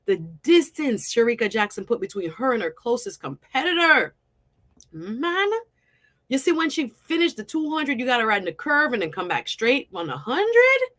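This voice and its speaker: Woman, Jamaican accent, lively sports vlogger, bright tone, bursts into shouts and laughs. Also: on the high side, moderate pace. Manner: animated, laughing, shouts in excitement. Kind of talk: excited casual commentary.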